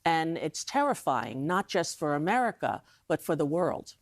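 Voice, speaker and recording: A woman's voice: low-pitched, very animated, moderate pace. A woman, talking emphatically with many restarts as a guest on a live TV interview. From New York. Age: 60s. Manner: emphatic, rambling, with frequent restarts.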